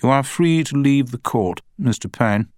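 A man voicing a measured older male judge who speaks with dry, formal authority. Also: mid-range voice, lively intonation, dry recording, pitched above the performer's own voice, lightly acted. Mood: judicial.

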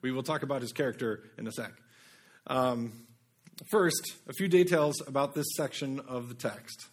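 A man's voice: mid-range voice, normal speed. A man preaching a sermon in a conversational way, often putting rhetorical questions to the listeners.

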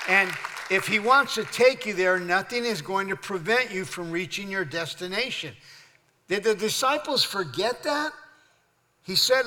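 A man preaches to his congregation in a bright, forceful voice sitting a touch above the usual male pitch. He pushes his questions out loud and high, then sinks to near quiet on the lines that carry weight. The recording rings with the long reverb of a large church sanctuary. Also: slight background noise. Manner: preaching with call-and-response to the congregation. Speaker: pastor. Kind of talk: sermon.

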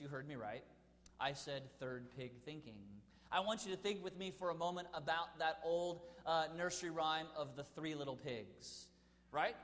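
A male pastor with a high voice preaches to a congregation, weaving stories into the sermon and leaning on dramatic pauses and swells of emphasis. His voice rings through a church hall with a long reverb trailing behind. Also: a bit bright.

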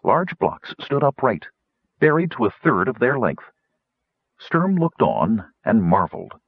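A man narrates a fantasy story in a dramatic, measured way. His husky, low voice swoops widely. The recording is dry, dull and lo-fi. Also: big pitch swings, dry recording. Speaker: audiobook narrator.

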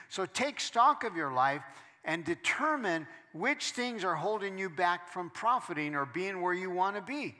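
A male pastor delivering a sermon in a big reverberant hall. His voice sits a little high and rings bright. He moves from hushed storytelling to loud, emphatic preaching.

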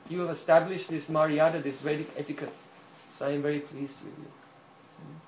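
A man's voice: fairly high pitch, little pitch movement, brisk, lightly acted. A man doing an imperious old sage. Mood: pleased. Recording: echoey room, faint hiss.

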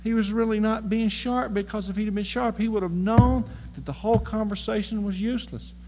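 A man delivers a sermon in a folksy, humorous, emphatic manner. His voice sits slightly high. It rings with long hall reverb, and a faint hum runs underneath. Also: steady tone, brisk, dark tone, muffled recording. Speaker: preacher.

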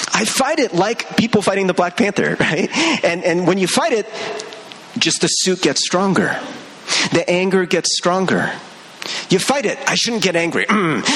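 A young male pastor giving a sermon in an animated, conversational way, laughing between points and talking straight to the congregation. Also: sits high.

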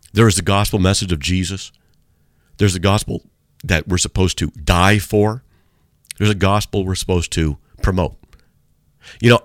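A man's voice: deep voice, dry recording, studio quality. A man hosting a radio talk as a street evangelist, preaching in a fervent, repetitive, emphatic way.

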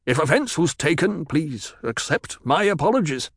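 A man voicing a sneering, fearful middle-aged male banker with a stiff, rasping drawl, in a storybook reading. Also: on the high side, sing-song, normal speed, fairly bright tone, no room sound, studio quality, pitched above the performer's own voice, full character voice.

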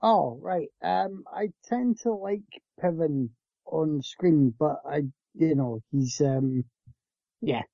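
A man's voice: a little high, takes it slowly, vocal fry, no echo. A man co-hosting a podcast, speaking hesitantly with lots of fillers, and teasing his co-host. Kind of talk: casual chat. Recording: dull lo-fi, dry.

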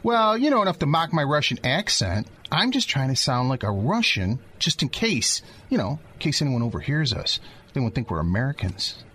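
A man playing a calm American husband on his honeymoon in a radio drama, playful and reassuring. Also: mid-range voice, moderate pace, slightly rough. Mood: teasing.

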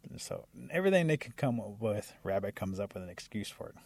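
Husky man, lowish register, animated oral storyteller voicing the animals of the tale. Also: fast.

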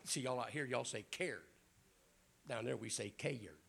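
Speaking quickly in a gravelly, fairly bright medium-pitched voice, a middle-aged Southern man guest-preaches in a church. His intonation stays fairly even as he delivers a folksy sermon full of jokes in his American South accent.

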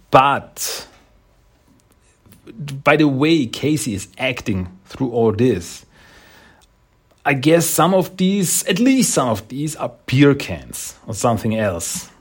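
A man talks through a comic issue in a loose, rambling way, stopping often to correct himself. His voice is gravelly with plenty of vocal fry, and it has a husky grain. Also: medium pitch, sing-song, takes it slowly. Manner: rambling, hesitant, chuckling. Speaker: comic book reviewer. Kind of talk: casual comic recap.

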